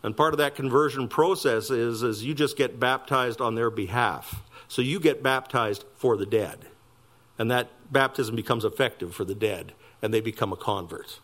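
A man's voice: moderate pace, fairly bright tone. A man preaching a sermon, emphatic with wry asides. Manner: emphatic preaching with wide swings of pitch and pace, wry asides. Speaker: pastor.

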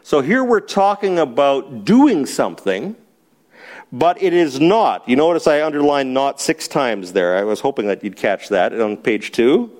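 A man's voice: medium pitch, big pitch swings, a little slow, darkish tone. A man teaching a Bible class, explaining a passage with emphasis and putting questions to the class.

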